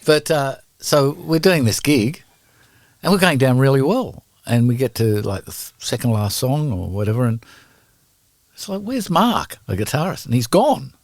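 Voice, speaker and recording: An Australian man, a podcast guest and musician, telling stories in casual chat, animated and swearing freely as he acts out quotes. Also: medium pitch, normal speed, no room sound. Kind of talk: casual storytelling.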